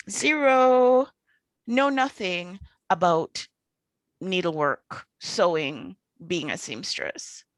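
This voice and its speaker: Woman host chatting away, animated storyteller, dry close sound. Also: on the high side, dry recording. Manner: animated, acts out quoted panic. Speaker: show host and coach. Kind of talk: casual storytelling monologue.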